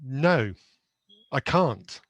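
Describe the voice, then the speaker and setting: A man's voice: medium pitch, expressive, extremely slow, no room sound, muffled recording. Thoughtful man, dry close sound. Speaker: podcast guest. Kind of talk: casual conversational interview.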